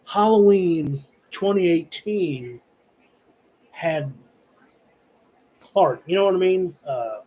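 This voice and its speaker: A man's voice: a little high, a little mellow, rough recording. Profane, rambling man reviewing horror films. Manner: heavily profane, rambling, filler-laden. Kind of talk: rambling casual rant to camera. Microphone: camera recording himself.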